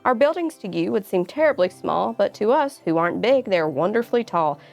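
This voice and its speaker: A woman's voice: medium pitch, expressive, a little fast, gravelly, a little mellow, faint music behind. A woman voicing a tiny male town mayor in a storybook, polite and grateful.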